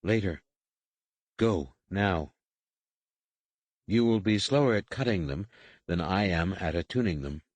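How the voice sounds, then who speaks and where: A man voicing a stern female alien overseer in an audiobook, speaking in clipped, measured commands. His tone is low and dry. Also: animated, dry recording, highs cut off. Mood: stern, instructing. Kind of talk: audiobook character reading.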